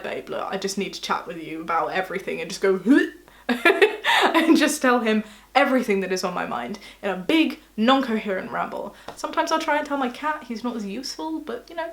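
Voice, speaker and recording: A woman talking casually to camera, giving tips in a chatty, self-mocking way with frequent laughs. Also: a little high. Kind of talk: casual vlog talk to camera.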